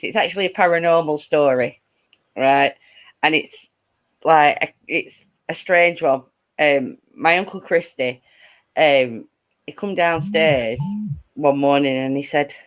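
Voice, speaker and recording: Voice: medium pitch, normal speed. A speaker with a Lancashire accent from northwest England, telling a story as a guest in a casual chat. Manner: lively anecdote-telling, many fillers.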